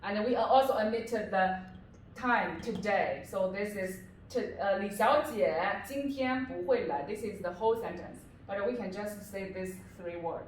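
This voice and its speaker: Slow, patient woman tutor in echoey room. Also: medium pitch, far from the mic, a little hiss or hum. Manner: patient, repeats each phrase several times. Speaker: language tutor. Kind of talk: classroom-style lesson. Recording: echoey room, voice away from mic.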